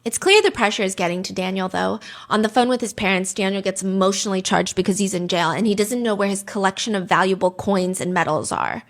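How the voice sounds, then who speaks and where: A woman's voice: medium pitch, fast talker, hardly any pauses. A woman hosting a true crime podcast in casual chat, talking dramatically with many fillers.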